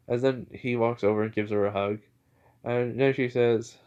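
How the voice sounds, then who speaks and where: A man casually telling a fan-fiction story out loud, rambling with lots of filler words. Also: medium pitch, fairly even intonation, moderate pace, smooth, muffled recording.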